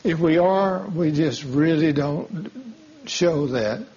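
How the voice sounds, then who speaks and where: A man's voice: on the high side, takes it slowly, mellow. A man preaching a sermon, telling a folksy story and acting out the dialogue. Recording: dull lo-fi sound.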